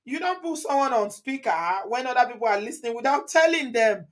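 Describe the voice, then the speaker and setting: A woman's voice: high-pitched, animated, a little fast. A woman from Nigeria with a Nigerian accent, hosting a live commentary. She reads viewer comments aloud, chats freely, switches into Pidgin and Yoruba and laughs often. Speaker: channel host.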